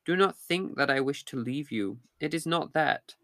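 A man's voice: fairly high pitch, lively intonation, normal speed, pushed and bright, no room sound, clean studio sound. A man reading the lines of a dutiful young fisherman in a storybook, in formal, polite speech. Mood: pleading, polite.

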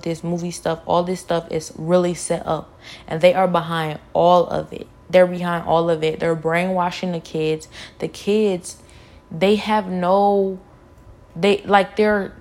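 A young woman tells a personal story with fervent, repetitive insistence. Her voice sits a little low, and she scatters "like" through her speech as she talks. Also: vocal fry, a little mellow. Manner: fervent, repeats phrases, many "like" fillers. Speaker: vlogger sharing a personal testimony.

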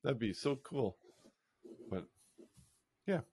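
A man co-hosting a casual podcast, chatty and animated, telling stories with bursts of excitement. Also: mid-range voice, slow, breathy edge, no echo. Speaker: podcast co-host. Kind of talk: casual chat.

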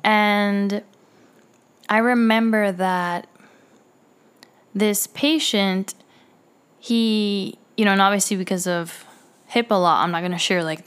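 A woman's voice: mid-range voice, clean tone. Rambling woman telling work stories. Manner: rambling, with frequent fillers and restarts. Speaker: dialysis clinic staff member. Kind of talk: casual personal storytelling.

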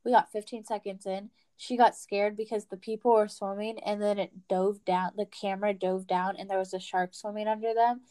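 A woman's voice: medium pitch, little pitch movement, normal speed, hardly any pauses, mellow, no room sound. Chatty young woman telling stories. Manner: chatty storyteller, lots of fillers. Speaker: podcast co-host. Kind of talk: casual chat.

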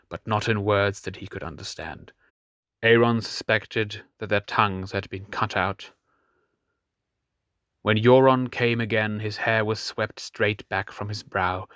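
A man reading a fantasy audiobook in scripted narration, measured and grave, dropping softer on grim details. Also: on the low side, no room sound, studio quality.

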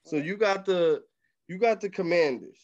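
A man's voice: high voice, normal speed, dull audio. A man co-hosting a casual sports podcast, blunt and offhand, running a quiz segment.

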